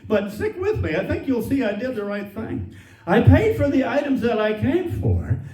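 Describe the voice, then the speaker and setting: A man's voice: high-pitched, a little mellow. A man doing stand-up comedy, telling a long folksy story and laughing at his own jokes. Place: theater stage. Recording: roomy theater sound from a distance.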